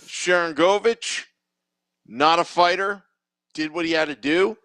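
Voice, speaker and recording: A man's voice: fairly high pitch, unhurried, a bit bright, dry recording, low-quality recording. A man co-hosting a podcast, talking in a rambling, opinionated way with many restarts. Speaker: podcast co-host. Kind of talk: casual sports chat.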